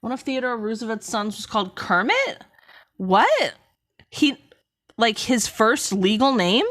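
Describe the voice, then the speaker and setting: A rambling, animated woman streamer. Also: fairly high pitch, unhurried. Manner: rambling, animated, frequent self-interruptions. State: coughing. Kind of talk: casual live-stream book critique chat.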